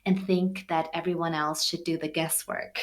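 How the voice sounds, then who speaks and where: A woman's voice: low-pitched, level tone, normal speed, slight background noise. A woman co-hosting a casual podcast chat, speaking thoughtfully and hesitantly, with many fillers. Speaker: podcast co-host.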